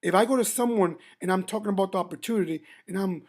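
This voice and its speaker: A man's voice: high-pitched, fast, few pauses, darkish tone. Emphatic man giving a motivational training talk. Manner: emphatic, repeats words for impact. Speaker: business trainer.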